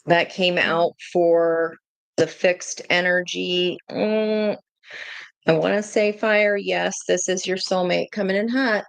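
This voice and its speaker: A woman giving a casual tarot reading to her viewers, chatty and excitable, breaking into gushing exclamations. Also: lowish voice, a little slow, gravelly, dry recording. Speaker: tarot reader.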